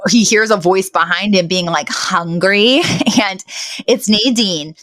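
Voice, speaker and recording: A woman co-hosting a podcast, casually retelling a sitcom episode with animated storytelling, acting out the characters' lines and laughing often. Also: mid-range voice, unhurried. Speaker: podcast co-host. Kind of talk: casual recap chat.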